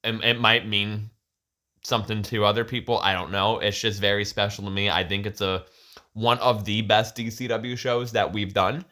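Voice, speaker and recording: A man's voice: lowish voice, fairly even intonation, normal speed, sharp tone. A man hosting a podcast in casual chat, rambling and profane, often restarting his sentences. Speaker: podcast host.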